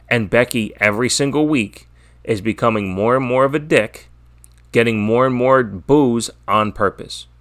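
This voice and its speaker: A man's voice: fairly low pitch, a bit bright. Opinionated, profane podcast host man. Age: adult, father. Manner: opinionated, profane, rambling with restarts. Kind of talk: casual solo wrestling preview.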